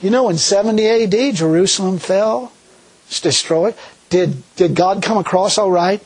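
A middle-aged man preaching a sermon in a folksy, animated way, laughing often. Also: high-pitched, moderate pace, slightly rough, poor audio.

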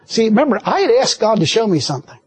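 A man preaching a sermon with folksy, animated storytelling and frequent laughter. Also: high voice, fast talker, slightly rough, no room sound.

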